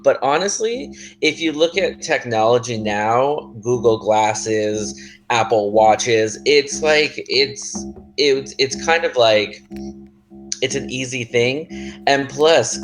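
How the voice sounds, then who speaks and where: A man co-hosting a podcast in casual chat, rambling excitedly and swearing casually. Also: mid-range voice, rough recording. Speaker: podcast co-host.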